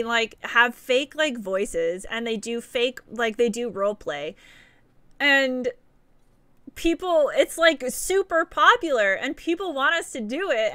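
Brief: bright, bubbly female streamer, giggly and chatty, dry close sound. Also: sits high, smooth, no echo. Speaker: game streamer. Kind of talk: casual live-stream chat with viewers.

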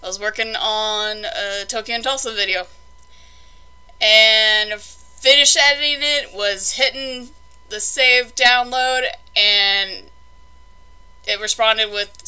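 A woman's voice: mid-range voice, steady tone, takes it slowly, pauses often, pushed and bright, clear, resonant tone, rough recording. A young woman chatting casually through a toy unboxing, rambling and exasperated in her asides.

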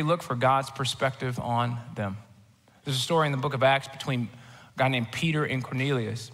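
A man preaching a sermon in a church, telling scripture stories in an animated way and acting out the voices. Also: mid-range voice, long reverb tail. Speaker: guest preacher. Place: church auditorium.

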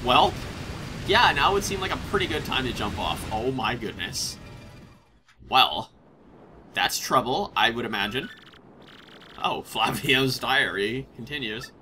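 A man hosting a casual let's play, rambling and excitable, often breaking into laughter. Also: mid-range voice, measured pace, pauses often, slight background noise. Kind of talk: casual gameplay commentary.

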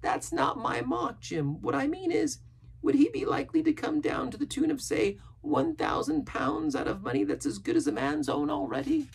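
Ben Gunn, a woman doing a squeaky wheedling castaway. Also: very animated, vocal fry, a little mellow, full character voice. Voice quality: high, wheedling and halting. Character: eager, shrewd, half-wild old male castaway.

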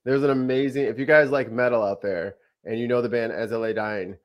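A man co-hosting a podcast as its producer, chatting excitably in casual banter. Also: mid-range voice, a little fast.

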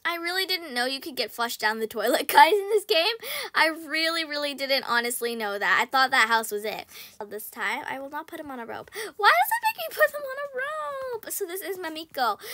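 A young female gaming host narrating her game play, excitable, squealing and shouting when in danger. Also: high-pitched, no echo. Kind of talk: game commentary.

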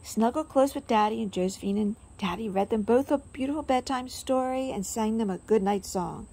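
A woman reading a children's picture book aloud in a gentle storytelling way, adding chatty asides to her listeners. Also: a little high, normal speed, gravelly, hardly any pauses, slightly rough.

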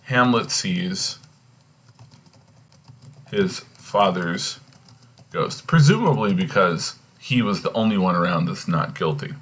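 A man's voice: sits low, animated, slow, long pauses, a bit bright, breathy edge. A male teacher casually reading and explaining a play in a recorded lesson, often checking in with "okay?". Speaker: English teacher.

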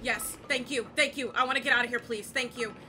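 A young woman playing a horror game and commentating, panicking, repeating herself and shouting at the game. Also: fairly high pitch, steady tone, a little fast, background noise. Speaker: gaming YouTuber.

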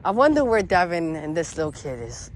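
A woman's voice: lowish voice, very animated, fairly quick, slight background noise. A woman vlogger running a hide and seek game, talking in casual slang and teasing her friends. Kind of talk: casual excited chat.

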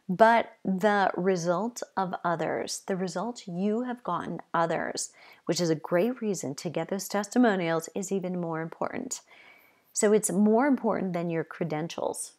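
A woman's voice: medium pitch, darkish tone. A middle-aged woman giving conversational advice to fitness trainers, with frequent asides and repeated list items. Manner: conversational, with frequent "you know" and list-like repetition. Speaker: fitness business coach.

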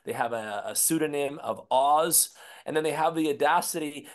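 Man co-hosting a heated online commentary show, ranting and combative, fairly high voice. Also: moderate pace. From Canada. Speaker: co-host.

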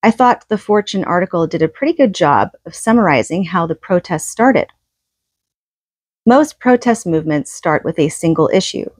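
A woman reading a nonfiction book aloud, steady and measured, with an occasional casual aside. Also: on the low side, no echo. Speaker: audiobook reader.

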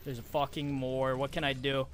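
A male streamer giving excitable, swearing live gameplay commentary and talking to his chat. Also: medium pitch, normal speed.

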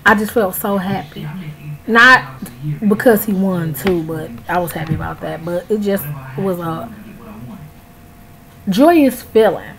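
A woman's voice: medium pitch, a little slow, creaky, pauses often, a bit bright, low-quality recording. Outraged young woman ranting to camera. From United States. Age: early 20s. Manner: outraged, emphatic, talks straight to viewers. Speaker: vlogger. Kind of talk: casual ranting vlog to camera.

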